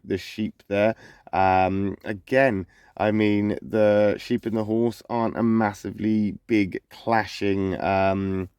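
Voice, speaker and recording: A man with a fairly low voice delivers a relaxed zodiac reading for his channel. He talks loosely and conversationally, circling back and repeating himself. The sound is dry, with no room echo. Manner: conversational, loose, repeats phrases and restarts often. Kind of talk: casual zodiac forecast reading.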